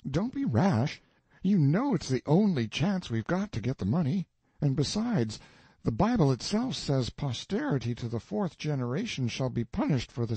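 A man's voice: medium pitch, warm tone, slightly rough, no echo, voice pushed up. A man reading the part of an anxious, easily alarmed companion in an audiobook, speaking plaintively. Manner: pleading, plaintive.

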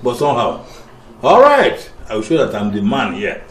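A man's voice: medium pitch, wildly swooping pitch, moderate pace, far from the mic. A bossy scolding Nigerian father. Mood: commanding. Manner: scolding, commanding. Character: bossy stern father figure. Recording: echoey room, voice off-mic, faint noise.

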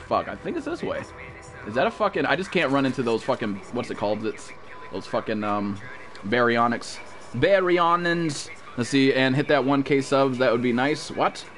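Young man, game streamer, fast, profane, blunt, faint background music. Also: mid-range voice, a bit bright. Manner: profane, blunt, scolding chat viewers. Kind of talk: live gameplay stream commentary.

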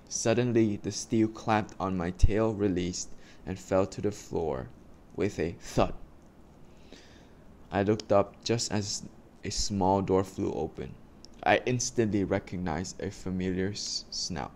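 Man, storybook read-aloud, low pitch, very slow, careful with small stumbles. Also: darkish tone. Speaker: reader for a class.

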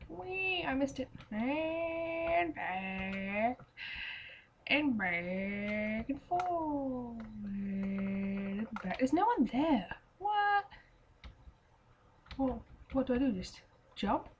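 Woman losing her voice doing game commentary, high pitched, kinda slow, faint key clicks behind. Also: very animated, highs cut off, slight background noise. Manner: chatty, swears often, sings and mutters to herself. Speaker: gamer. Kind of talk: casual let's play commentary.

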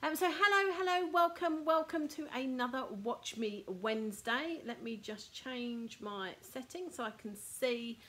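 A woman's voice: high voice, expressive, measured pace, hardly any pauses, bright, forceful tone. A middle-aged woman from the UK hosting a casual live craft demo, chatty with lots of ums. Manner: chatty, frequent ums, laughs at herself. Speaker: card making teacher and host.

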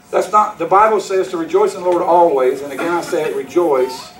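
Man, pastor, sermon, high voice, repeats points, questions congregation, echoey church, distant mic. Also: fairly quick, hardly any pauses. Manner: emphatic repetition, direct questions to congregation. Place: church sanctuary.

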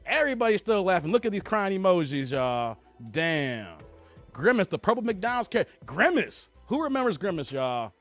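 A man hosts a live stream, laughing and teasing while he reads the chat. His voice sits fairly high and swings widely in pitch. Faint music plays behind him. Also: very animated, moderate pace, a bit bright. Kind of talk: casual live stream commentary.

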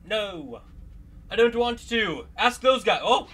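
A young man calls out over a horror game, yelping and talking straight to the monsters chasing him. His voice sits high and sounds very bright. A faint ambient hiss runs underneath. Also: very animated, slow pace. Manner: jumpy, exclaiming, talks to the monsters. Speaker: gaming YouTuber. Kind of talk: live gameplay commentary.

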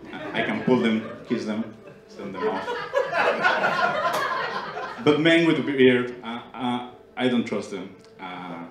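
A man's voice: medium pitch, noisy background. A young man from Mexico with a Mexican Spanish accent, Spanish as his first language, performing a playful stand-up set and teasing the audience on a small club stage. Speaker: stand-up comedian. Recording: roomy club sound. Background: audience laughter.

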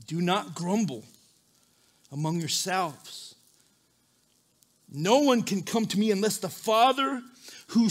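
A male pastor preaching a sermon and reading scripture aloud, shifting from quiet reading to loud, animated emphasis. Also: high voice. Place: church service.

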